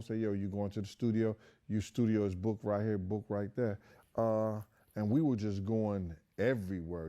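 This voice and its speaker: A man's voice: on the low side, warm tone. A man casually recounting a long story with slangy street talk, rambling along with many fillers like "you know" and "um". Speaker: guest storyteller.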